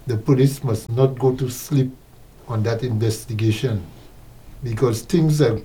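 A man co-hosts a casual talk show. His warm, mid-pitched voice carries earnest, emphatic commentary. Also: unhurried, slight background noise, rough recording. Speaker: co-host.

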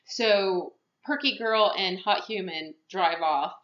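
A woman's voice: medium pitch, slow pace, fairly bright tone. A woman podcast host recapping a movie plot in casual chat, rambling, with many fillers and restarts. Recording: echoey room, muffled lo-fi sound.

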